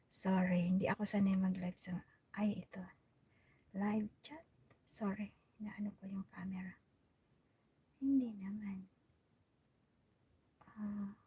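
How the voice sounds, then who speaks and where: A woman with a Filipino accent chatting on a live stream from inside a parked car, soft-spoken and often dropping to a near whisper. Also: mid-range voice, slightly rough, no room sound. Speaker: vlogger hosting a live stream. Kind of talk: casual live-stream chat with viewers.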